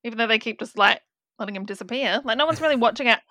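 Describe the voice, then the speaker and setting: Woman, bright higher voice, dry close sound, animated, mimics characters. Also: rapid-fire, no room sound. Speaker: podcast co-host. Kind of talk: casual film chat.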